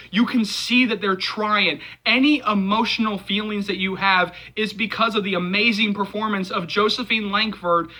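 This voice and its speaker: Passionate man with a bright, high voice. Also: low-quality recording. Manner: passionate, repetitive, many fillers. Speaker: movie channel host. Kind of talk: casual video commentary.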